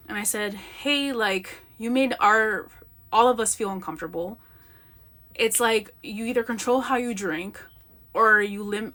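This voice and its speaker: A young woman hosting a solo podcast, telling stories in an emphatic, animated rant and acting out the people she quotes. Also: on the high side. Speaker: podcast host.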